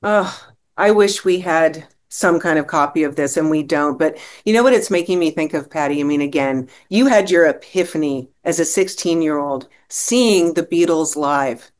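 A woman's voice: low voice, moderate pace, darkish tone. A woman hosting an interview, asking enthusiastic questions and sometimes searching for the right word. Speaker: podcast host.

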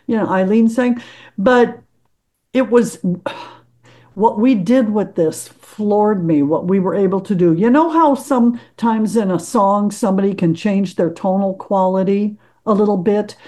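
An older woman, a musician, telling stories in an interview in a casual, animated way. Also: a little high. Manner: animated storyteller, casual, quotes people. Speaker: musician guest. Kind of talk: interview storytelling.

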